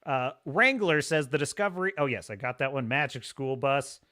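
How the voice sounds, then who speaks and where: A man hosting a live stream, reading viewer comments and ranting in an animated, laughing way. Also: mid-range voice, moderate pace. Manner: animated, ranting, laughs often, mocks pronunciations. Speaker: host.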